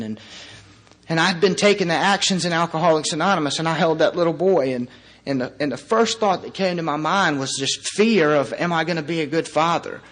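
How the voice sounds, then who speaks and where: A young man speaking at a recovery meeting, telling his personal story in an earnest, conversational way. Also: on the high side.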